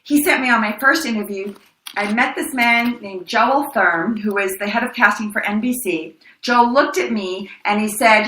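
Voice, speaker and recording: Bright-voiced older woman telling stories. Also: fairly high pitch, moderate pace, slight background noise. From El Paso, Texas. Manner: lively, laughing, acts out quoted voices. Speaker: actress interviewed. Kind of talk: storytelling interview answers. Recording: echoey room.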